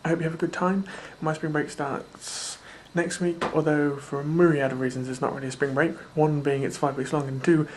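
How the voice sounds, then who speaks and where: A young man talks straight to his viewers in a loose, meandering way. His voice sits a touch high, and he pokes fun at himself as he drifts from one thing to the next. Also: level tone, fairly quick, few pauses, a little hiss or hum. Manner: rambling, offhand and self-mocking. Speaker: video blogger. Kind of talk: casual chat.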